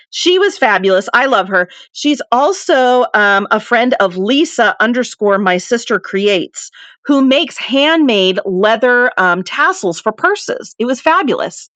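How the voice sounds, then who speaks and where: A woman's voice: on the high side, animated, a little slow, a bit bright, dry recording. A woman hosting a casual livestream. She talks in a chatty, rambling way, reads viewer comments aloud and laughs easily. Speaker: livestream seller host.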